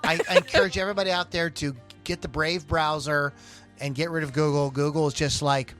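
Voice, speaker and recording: A man's voice: fairly high pitch, fairly even intonation, brisk, music in the background. A man hosting a podcast in casual chat. He rambles and often stumbles over his words. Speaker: podcast host.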